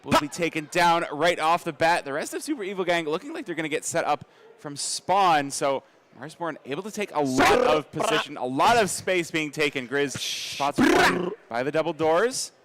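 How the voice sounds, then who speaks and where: A man calling esports action live, with quick, energetic play-by-play. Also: a little high, very noisy. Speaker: esports caster.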